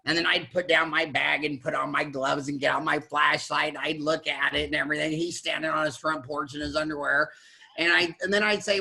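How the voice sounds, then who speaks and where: Man in his 60s, forceful bright voice, husky edge, lively storyteller voicing quotes. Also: on the high side. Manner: animated storyteller, quick restarts, acts out quotes. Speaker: podcast host, dentist. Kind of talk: casual chat, storytelling.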